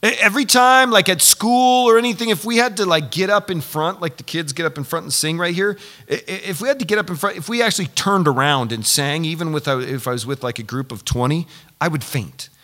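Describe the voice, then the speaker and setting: A man preaching a sermon as pastor, animated and building to loud, emphatic peaks. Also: a little high, brisk. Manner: repeats himself when excited.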